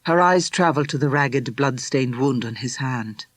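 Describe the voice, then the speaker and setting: A man's voice: medium pitch, normal speed, no room sound, studio quality. A man narrating an audiobook in a tense, vivid storytelling manner. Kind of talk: scripted narration.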